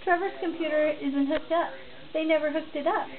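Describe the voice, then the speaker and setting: A woman's voice: high voice, steady tone, moderate pace. Older woman cooing baby talk. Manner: coos and chatters to a baby. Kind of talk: home video baby talk. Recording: phone-like sound, loud background chatter.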